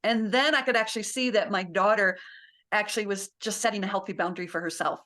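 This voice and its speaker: A woman's voice: mid-range voice, fast talker, sharp tone. A middle-aged woman, a parenting guest, talking casually and laughing often as she acts out little quotes. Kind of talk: casual interview talk.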